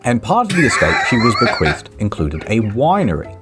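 A man's voice: huge pitch swings, brisk, loud music behind the voice. A man telling a comedic history story with playful, dramatic timing. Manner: dramatic, playful timing with big pitch swings. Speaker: host.

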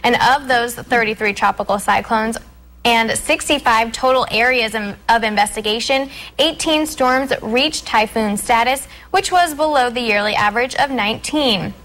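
A woman's voice: on the high side, moderate pace, a bit bright, rough recording. A young woman co-hosting a local TV morning show, reading contest news and a history segment in an upbeat, teasing way. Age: young adult. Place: TV news studio.

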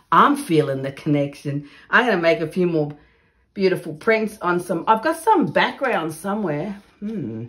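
A woman's voice: lowish voice, sing-song, unhurried, fairly bright tone. A woman chatting casually while making art in her studio, exclaiming over her work and sharing personal asides.

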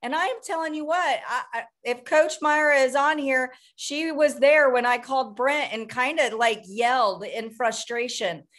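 High-voiced upbeat woman coaching a group. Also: a bit bright. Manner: upbeat, rambling, fast bursts of speech. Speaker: team coach hosting a group call. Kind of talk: motivational group coaching call.

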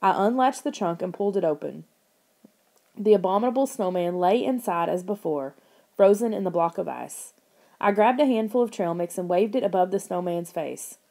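A woman narrates an audiobook with a mellow, rounded tone. Her reading is expressive, and she lifts her voice to act out the lines of the characters. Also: lowish voice, normal speed.

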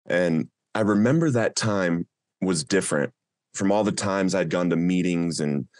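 A man with a fairly low voice tells his own story of recovery as a podcast guest. He speaks earnestly and from the heart. The sound is dry and close, with little room echo. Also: measured pace, darkish tone.

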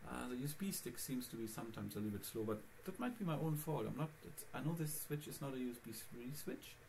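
Lively and fast, this Linux vlogger's medium-pitched voice has vocal fry and a slightly mellow quality, with a little hiss or hum present. He rambles in a chatty screencast vlog about his computer setup, talking straight to his audience.

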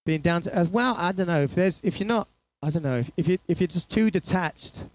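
A man with a high voice speaks briskly, with no echo, as he performs for an online audience from his small home studio. Between songs he chats casually and rambles, laughing at himself.

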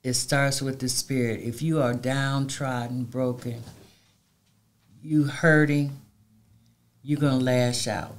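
A woman's voice: rumbling low, fairly even intonation, slow, pauses often. Middle-aged woman, interview guest, emphatic, heartfelt, preacherly cadence. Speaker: community advocate guest. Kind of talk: interview conversation.

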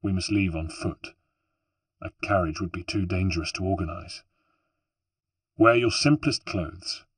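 Brief: a resolute young hero in a storybook, deep and slightly husky, firm and urgent, read by a male narrator. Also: a little slow, pauses often, dry recording, recorded from a distance. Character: resolute young man, protective brother.

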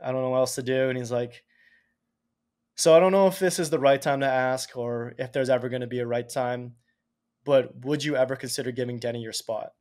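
A man in his thirties from Canada, a podcast guest telling stories in casual chat, animated and cursing freely. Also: medium pitch, brisk. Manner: animated, swears casually, acts out quotes. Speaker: podcast guest, Olympic speed skater. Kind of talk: casual storytelling.

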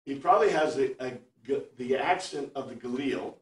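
A man teaching a Bible class, chatty and animated, reading Greek phrases word by word for his students. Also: mid-range voice, moderate pace. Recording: echoey room, far from mic.

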